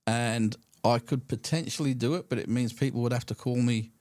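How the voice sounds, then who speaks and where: A man's voice: medium pitch, fairly quick, darkish tone, no room sound, clean studio sound. A man co-hosting a live stream podcast, chatting casually and telling stories, sometimes mimicking radio hosts and callers. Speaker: podcast co-host. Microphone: studio mic through a mixer.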